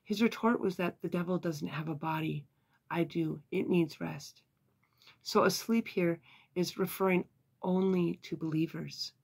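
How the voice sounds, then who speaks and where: A Bible teacher giving an earnest, measured devotional lesson, with occasional sighs and fillers. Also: medium pitch, fairly even intonation, vocal fry, husky.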